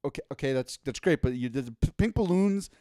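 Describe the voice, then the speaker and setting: A man's voice: mid-range voice, lively intonation, a little fast, mellow, no room sound, clean studio sound. A man co-hosting a casual podcast, ranting with exasperation and lots of swearing. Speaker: podcast co-host.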